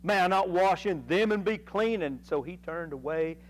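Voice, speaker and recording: Guy teaching sunday school, kinda high voice, folksy and lively, faint hum in the back. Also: moderate pace, rough recording. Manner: folksy and animated, acting out voices. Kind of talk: Bible lesson. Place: church classroom.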